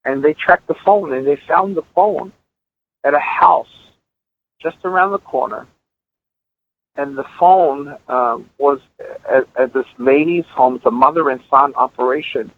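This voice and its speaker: A man's voice: fairly high pitch, measured pace. Middle-aged man on a tinny line. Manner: emphatic, repeats words as he builds his point. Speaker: guest musician. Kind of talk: earnest storytelling in conversation.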